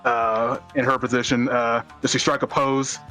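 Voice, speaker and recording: A man narrating as game master in a tabletop game, rambling with many fillers and breaking into high voices for characters. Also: flat delivery, normal speed, pushed and bright, soft background music.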